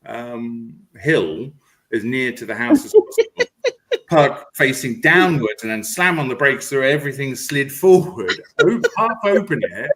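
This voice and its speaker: A man's voice: mid-range voice, wildly swooping pitch, a little slow, a bit bright, poor audio. A man chatting on a video call, telling stories about himself and laughing as he goes. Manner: storytelling, self-mocking, laughing. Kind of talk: casual chat on a video call.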